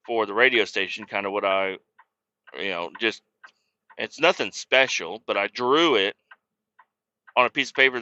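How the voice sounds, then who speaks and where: A man hosts a podcast and tells his story in a loose, rambling way, with a lot of swearing. His voice is very bright and cutting. The recording sounds dull and lo-fi. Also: fairly low pitch. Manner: profane, storytelling, worked-up. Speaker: podcast host. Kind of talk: casual rambling monologue.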